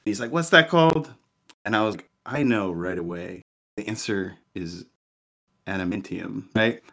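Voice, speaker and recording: A man's voice: low voice, fairly even intonation, normal speed, vocal fry. A man co-hosting a podcast, telling a rambling anecdote in casual chat with lots of fillers. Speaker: podcast co-host.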